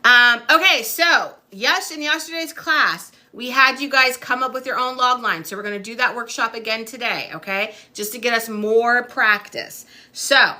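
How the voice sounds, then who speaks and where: Bright, chatty woman teaching live. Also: a little high, moderate pace, hardly any pauses. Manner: chatty, upbeat, reads out chat comments. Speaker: TV production instructor. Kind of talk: casual livestream class. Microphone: phone or webcam on livestream.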